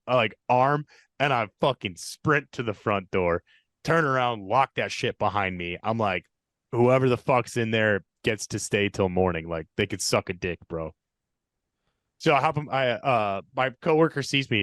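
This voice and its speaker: A man's voice: mid-range voice, moderate pace, fairly bright tone, no echo, clean studio sound. A young man casually retelling a spooky story, full of swearing and quoted dialogue. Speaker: podcast storyteller.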